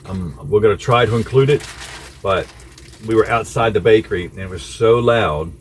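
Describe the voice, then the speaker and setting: A man vlogging in a relaxed, easygoing way, recording outdoors on a city street. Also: lowish voice, moderate pace. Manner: easygoing, laughs at himself. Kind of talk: casual vlog chat. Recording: loud street and traffic noise.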